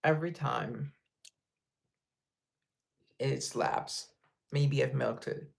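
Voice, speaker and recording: A laid-back livestream host, a man with a medium-pitched voice, draws out his words with vocal fry. He reads viewer comments aloud, rambles casually, and laughs at himself.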